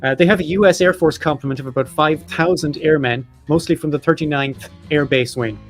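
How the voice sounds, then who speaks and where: A man's voice: fairly high pitch, a little fast, faint music behind. A man hosting a podcast, reading off facts and lists in a casual chat with jokey asides. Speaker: podcast host.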